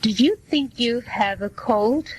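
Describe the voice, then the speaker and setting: Reading slowly in a plain voice, a woman plays a kindly, reassuring family doctor in scripted dialogue for learners. Her voice is fairly high and husky, and the recording is rough.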